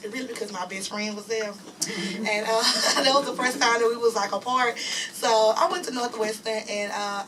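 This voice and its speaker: A woman's voice: fairly high pitch, fairly bright tone. A young adult woman telling her personal story as an honored guest speaker, chatty, laughing often and leaning on fillers. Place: community event room. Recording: distant mic with clear room noise.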